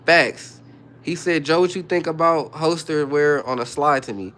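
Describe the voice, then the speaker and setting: A man's voice: a little high, normal speed, fairly bright tone. A young man from the Bay Area hosting a casual livestream, reading viewer comments aloud and greeting people as they join. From California, Bay Area. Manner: laid-back, reads chat comments aloud and greets viewers. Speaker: livestream host.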